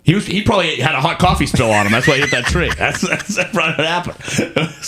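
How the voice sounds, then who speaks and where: A man's voice: on the high side, lively intonation, a little fast, noisy background. A man co-hosting a casual podcast, rambling and stammering through repeated words. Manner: stammering, rambling, laughs along. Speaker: podcast co-host. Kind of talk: casual chat.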